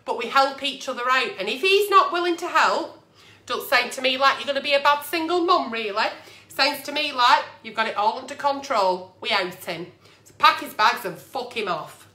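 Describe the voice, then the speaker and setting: High, lively, foul-mouthed woman. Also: moderate pace, reverberant. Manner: blunt, profane and animated. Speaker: agony aunt host. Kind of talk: ranting advice vlog.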